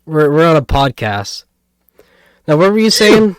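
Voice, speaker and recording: A man's voice: a little high, sing-song, a little slow, smooth, dry recording, studio quality. A man co-hosting a casual podcast, rambling and hesitant with lots of fillers and restarts. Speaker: podcast co-host.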